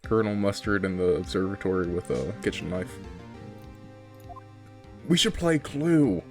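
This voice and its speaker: A man's voice: sits low, very animated, normal speed, faint music behind. A young man co-hosting a game play-through, rambling with offhand jokes. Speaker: let's play co-host. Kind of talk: casual gaming banter.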